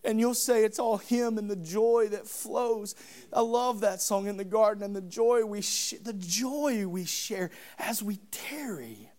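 High-voiced, storytelling preacher. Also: male voice, measured pace, few pauses. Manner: animated, humorous storytelling. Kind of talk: sermon.

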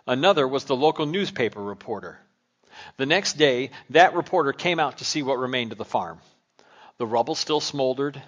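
A man's voice: mid-range voice, fairly bright tone. A male pastor preaching a sermon, telling a story and asking searching questions in an earnest way.

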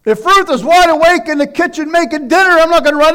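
A man preaching a sermon, loud and emphatic, shouting exhortations and dropping into quiet asides. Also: very high voice, fast talker. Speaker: pastor.

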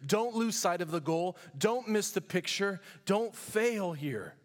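A pastor from California preaching a sermon in a church, emphatic, with rhetorical questions and storytelling asides. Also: male voice, high voice, animated, slow, long reverb tail.

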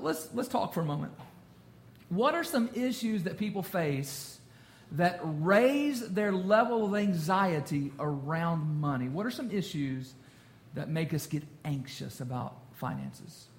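A man's voice: on the high side, slight background noise. A man in his thirties preaching a casual, jokey sermon to a congregation. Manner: jokey, conversational, quotes song lyrics. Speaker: pastor.

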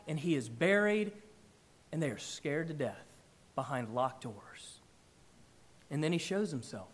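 High-voiced man preaching emphatically. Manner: emphatic, animated preaching with swings in loudness. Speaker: pastor. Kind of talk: sermon. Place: church.

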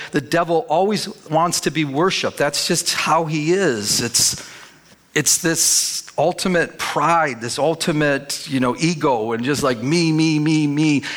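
A man's voice: a little high, a bit bright. A pastor preaching a sermon in a conversational way, often asking his listeners questions. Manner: conversational, asks the audience questions.

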